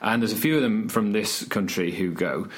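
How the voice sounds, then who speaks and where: With a voice on the low side and a normal pace, this man shares energetic stories during a casual podcast chat. He leads a student church group and restarts his sentences many times.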